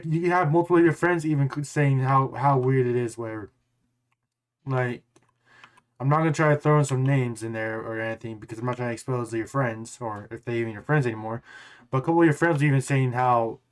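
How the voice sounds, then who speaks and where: A gaming YouTuber speaks straight to camera in an ordinary middle pitch, telling a long story in a loose, rambling way. He keeps repeating words and restarting, and he swears casually and bluntly.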